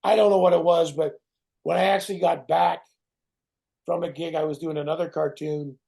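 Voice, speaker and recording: A middle-aged man, a guest actor in a casual interview who tells animated stories, swears and acts out other people's voices. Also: a little high, normal speed, gravelly, breathy edge. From Canada.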